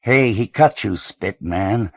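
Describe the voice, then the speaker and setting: A man reading the part of an excitable young gang member who exclaims crudely, in an audiobook. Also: on the low side, takes it slowly, dry recording, voice pushed up, exaggerated voice. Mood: agitated.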